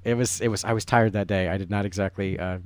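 Fast-talking man on a commentary track. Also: fairly low pitch, fairly even intonation, clean tone, dry recording. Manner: rambling, self-mocking, laughs often. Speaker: film director giving commentary.

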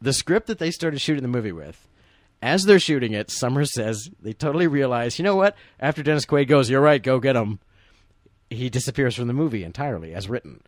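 A man's voice: medium pitch, very animated, fast talker, dry recording. A man co-hosting a podcast, chatting loosely about movies, laughing often and slipping into silly voices for quotes. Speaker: podcast co-host. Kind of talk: casual chat about movies.

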